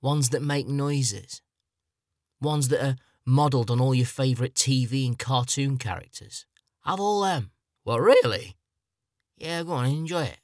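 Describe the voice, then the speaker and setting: A man's voice: mid-range voice, unhurried, darkish tone, no echo, studio quality, lightly acted. A man voicing the country of Japan as a generous, boastful, matey bloke, in his own plain voice.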